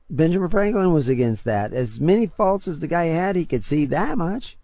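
A man's voice: medium pitch, no room sound. Emphatic older preacher man, dry sound. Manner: emphatic, building to forceful near-shouts. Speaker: radio preacher and host. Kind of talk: preaching on a radio show.

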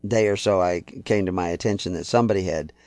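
An older man from Texas speaks in a very low, deep voice and tells stories in a relaxed, folksy way. He rambles and pauses often with fillers. The sound is dry and close, with no room echo. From Texas, United States. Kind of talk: relaxed storytelling talk.

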